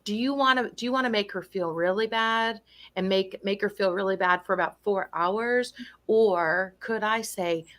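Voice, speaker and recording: A woman's voice: mid-range voice, normal speed, fairly bright tone. Earnest older woman explaining patiently. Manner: earnest, explanatory, acts out quoted voices. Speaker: guest, registered nurse and dementia specialist. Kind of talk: casual conversation.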